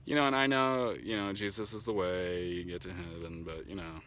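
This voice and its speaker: Deep-voiced man telling a rambling story. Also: normal speed, a little hiss or hum. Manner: rambling, laughs often, restarts and fillers, gets animated. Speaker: vlogger sharing spiritual testimony. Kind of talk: casual personal storytelling to camera. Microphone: camera mic.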